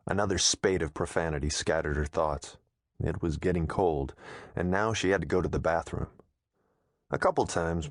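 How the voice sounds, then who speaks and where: A man narrating an audiobook in a steady, measured storytelling manner, close to a studio mic. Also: deep voice, no echo.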